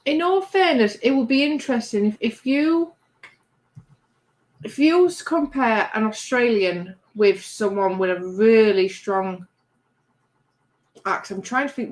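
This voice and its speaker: A woman's voice: fairly high pitch, rough recording. A woman with a Yorkshire accent chatting casually as a livestream co-host and reading out viewer comments.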